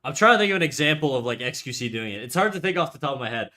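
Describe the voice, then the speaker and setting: A young Canadian man streams himself drawing, chatting casually in a rambling, laid-back way and swearing freely. His medium-pitched voice is expressive and sharp, and he talks very fast.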